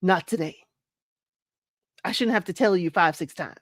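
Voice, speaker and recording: A woman's voice: fairly low pitch, expressive, quick pace, no room sound, clean studio sound. A woman hosting a live recap, chatty and opinionated, often laughing and repeating her points for emphasis while greeting chat viewers. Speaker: host of a dating-show recap livestream. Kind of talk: casual live commentary talking to chat viewers.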